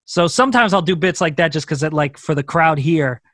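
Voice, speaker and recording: Animated comedian, dry close sound. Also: male voice, on the high side, a little fast, dry recording. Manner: animated storytelling with profanity and acted-out quotes. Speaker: stand-up comedian guest. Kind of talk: casual podcast conversation.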